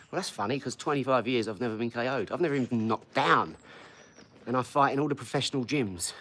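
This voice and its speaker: A man's voice: mid-range voice, a bit bright. A middle-aged man hosting a casual live stream, boastful and chatty as he talks straight to his viewers. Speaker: live stream host and boxer.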